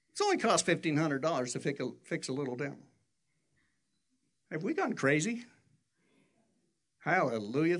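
An older pastor delivers a sermon, animatedly telling stories and leaping up high in pitch whenever he quotes someone.

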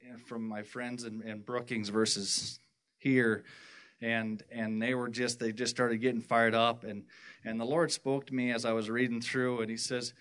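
A man from the worship team giving a personal testimony at church, rambling and halting with many restarts. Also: mid-range voice, a bit bright.

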